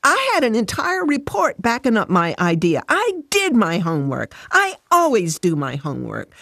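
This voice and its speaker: A woman voicing an upset, defensive working mother who protests in a high, emotional voice. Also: animated, normal speed, slight background noise, natural voice. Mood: frustrated, defensive.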